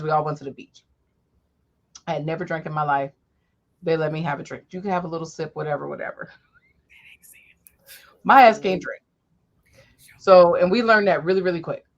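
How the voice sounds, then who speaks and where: Brief: woman podcast host, mid-pitched, lively storyteller, crude, a bit muffled sound. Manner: animated, profane, swings high when acting out quotes. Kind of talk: casual storytelling chat.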